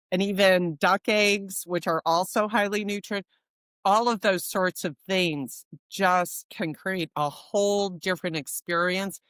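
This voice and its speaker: A woman answering interview questions as a guest expert on dog feeding, in a measured, explanatory way. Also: mid-range voice, a bit bright, clean tone, dry recording, clean studio sound.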